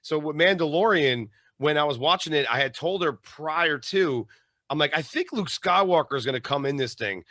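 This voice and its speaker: A man hosting a casual interview podcast, talking in an animated, laughing way. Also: on the high side, normal speed, no echo, clean studio sound. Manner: animated, laughing fan talk. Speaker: podcast host.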